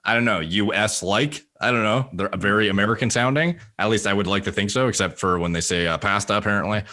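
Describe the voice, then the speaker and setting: A man's voice: lowish voice, fast talker, pushed and bright. A man from Canada, a podcast guest talking casually and rambling with many fillers and restarts. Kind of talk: casual conversation.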